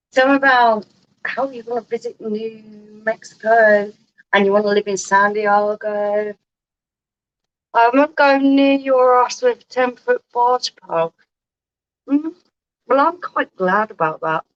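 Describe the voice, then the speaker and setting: Brief: woman, a little high-pitched, teasing and chatty, muffled lo-fi stream sound. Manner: teasing, chatty, talks to viewers. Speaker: livestream co-host. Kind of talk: casual chat.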